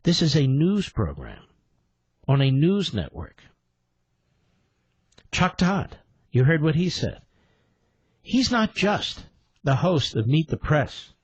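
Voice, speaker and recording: A man's voice: fairly high pitch, very animated, slow, long pauses, husky, dry recording. Indignant male talk radio host. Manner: indignant, rhetorical questions, emphatic repetition. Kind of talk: combative political talk radio.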